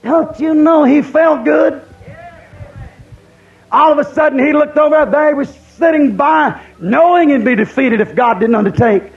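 A man's voice: very high voice, moderate pace, vocal fry, lo-fi sound. A man preaching a camp-meeting sermon, emphatic and repeating his points.

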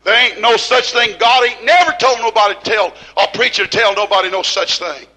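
A man preaches a fiery sermon in a strikingly high voice. His tone is bright and forceful, and he rises into shouts, then slows to hammer home short repeated lines. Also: poor audio. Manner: preaching with rising shouts and slow emphatic repeats. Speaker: pastor.

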